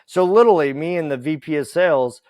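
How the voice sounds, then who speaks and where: A man telling a story as a podcast guest, animated, acting out the dialogue and laughing along the way. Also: fairly high pitch, fast talker, no room sound, clean studio sound. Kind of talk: casual storytelling.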